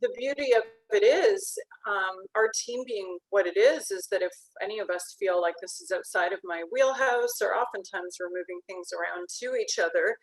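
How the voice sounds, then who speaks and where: A woman's voice: medium pitch, normal speed, hardly any pauses, low-quality recording. A woman hosting an online interview, responding to her guest in an eager, affirming way and summing up his points. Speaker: host. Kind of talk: conversational interview.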